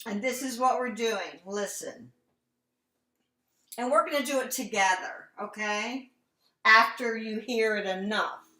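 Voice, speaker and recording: A woman's voice: on the high side, a little slow, pauses often, sharp tone. A woman teaching an online singing lesson, coaching and singing short lines to show how. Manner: demonstrates lines by singing them. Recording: echoey room over a video call.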